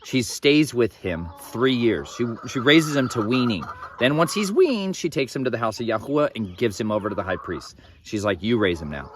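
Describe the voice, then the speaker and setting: A young man, the Bible teacher, retells Bible stories casually in an outdoor farmyard while chickens cluck in the noisy background. His medium-pitched voice is very animated and moves at a moderate pace with hardly any pauses, rambling and opinionated as he drifts into digressions.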